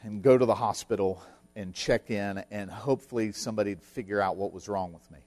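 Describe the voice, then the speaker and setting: A man's voice: on the low side, a little fast, a little mellow. A middle-aged man preaching a sermon, telling a personal story in an earnest, emphatic way. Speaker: pastor.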